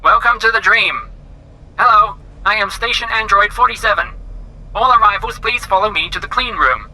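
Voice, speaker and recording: Casting note: high, bright robotic station android in flat monotone, a man putting it on. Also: moderate pace, slight background noise, rough recording.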